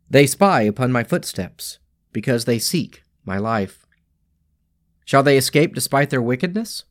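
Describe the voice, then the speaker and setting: A man reading daily scripture lessons and prayers in a measured, solemn way. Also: medium pitch, no room sound, clean studio sound. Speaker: scripture reader.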